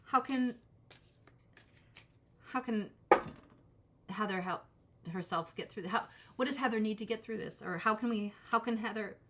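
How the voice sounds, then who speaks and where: Woman doing a live tarot stream, rambly casual chat, jokes at herself, medium pitch. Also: a bit bright. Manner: rambling, self-deprecating, chatty with frequent asides.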